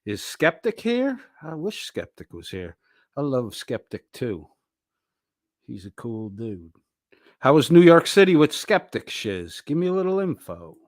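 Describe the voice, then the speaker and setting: Slow-talking crude male stream host. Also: a little high, sing-song, no room sound, studio quality. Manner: crude, mocking, heavy swearing. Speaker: stream host reacting to a clip. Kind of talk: casual reaction commentary.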